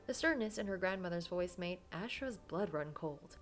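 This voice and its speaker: Low-voiced woman reading a story game aloud. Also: lively intonation, moderate pace, hardly any pauses, a bit bright, soft background music. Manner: dramatic narration broken by casual asides. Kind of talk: reading a visual novel aloud with asides.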